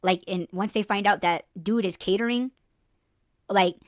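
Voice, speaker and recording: A woman's voice: mid-range voice, normal speed, dry recording, studio quality. Blunt, profane woman podcast host. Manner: blunt, profane, animated storytelling with mock voices. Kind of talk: casual chat.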